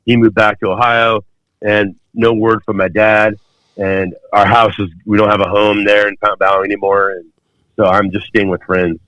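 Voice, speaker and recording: A man's voice: on the low side, little pitch movement, normal speed, fairly bright tone, dry recording. A man in his fifties, a podcast guest, telling a story at length with many fillers and restarts. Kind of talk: storytelling in conversation. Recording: dull, dry podcast audio.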